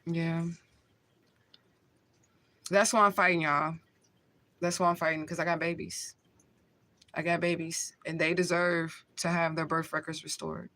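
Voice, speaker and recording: A woman's voice: lowish voice, flat delivery, unhurried, long pauses, fairly bright tone. A woman talking casually into the camera on a livestream, emotional and blunt, swearing freely and laughing often.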